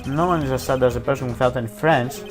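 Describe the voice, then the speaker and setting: Over music, a let's play commentator reads dialogue from a courtroom video game at a quick clip in a medium-pitched voice. He's casual and self-mocking, tossing in "dude" and "like" along with jokey asides.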